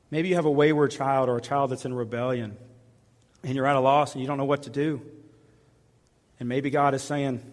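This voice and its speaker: A man preaching a sermon with earnest, repeated appeals, often dropping to soft, hushed tones. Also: mid-range voice, a little fast. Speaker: pastor. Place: large church hall. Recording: reverberant church hall.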